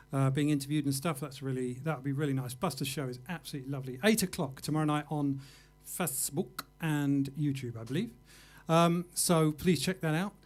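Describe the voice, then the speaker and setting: Guy hosting a jazz livestream from home, slightly high voice, rambling and jokey. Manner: chatty, rambling, self-mocking. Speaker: livestream jazz show host. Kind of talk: casual live show wrap-up.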